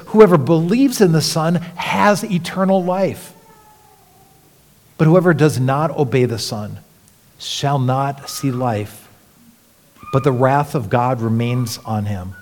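A pastor delivers a sermon in an earnest, fairly high-pitched male voice, sinking into hushed lines before climbing back up with emphasis. A long reverb from the hall surrounds him.

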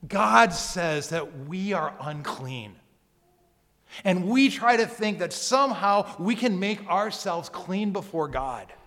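Slow-preaching man in a reverberant church. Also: high-pitched, expressive. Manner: slow, emphatic preaching, dropping to near-whispers and rising to loud calls. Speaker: pastor. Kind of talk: sermon. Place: church sanctuary. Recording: long hall reverb.

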